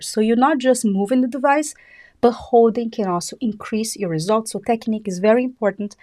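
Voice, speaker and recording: A woman with a Brazilian accent, a native Portuguese speaker, hosting a live skincare device tutorial and talking fast and excitedly. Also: mid-range voice, no echo, clean studio sound. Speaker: beauty channel host.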